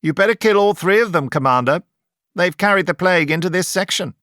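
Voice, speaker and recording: Man doing a shrill hostile scientist. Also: a little fast, no room sound, studio quality. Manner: sharp, raised, accusing.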